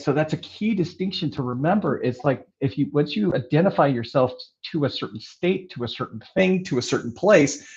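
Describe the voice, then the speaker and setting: A man of middle pitch talks in an earnest, casual way, stumbling over repeated words and checking in with "right?". The sound is a little dull and lo-fi. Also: darkish tone. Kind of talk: casual conversation.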